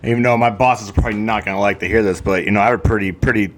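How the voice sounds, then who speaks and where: A man's voice: fairly low pitch, steady tone, rapid-fire, slight background noise. A young man co-hosting a podcast, chatting in a laid-back, profane way. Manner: laid-back, profane, laughs between lines. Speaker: podcast co-host. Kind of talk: casual chat.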